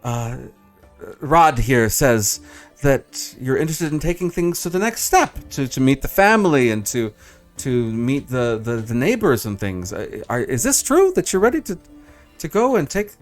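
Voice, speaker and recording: A man's voice: medium pitch, big pitch swings, normal speed, soft background music, natural voice. A man voicing a businesslike male matchmaker who speaks formally and hesitantly.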